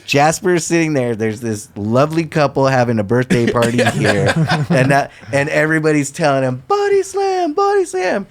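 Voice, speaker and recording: A man sits in as a guest on a casual talk show and spins a story in relaxed, slangy speech. His voice sits at an ordinary middle pitch. He keeps slipping into the other people's lines to act them out. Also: normal speed, hardly any pauses. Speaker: podcast guest.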